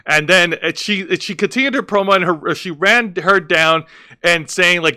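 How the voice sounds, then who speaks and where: Man, high pitch, very bright tone, podcast co-host, halting recaps. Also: smooth. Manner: recaps segments with many fillers and restarts. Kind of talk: casual wrestling review chat.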